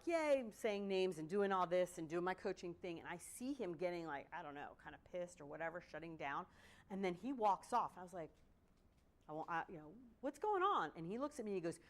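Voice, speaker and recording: A woman giving a workshop talk, telling stories in an animated way and often asking "right?". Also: lowish voice, quick pace. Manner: animated storytelling with frequent "right?". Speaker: guest speaker. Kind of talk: workshop presentation.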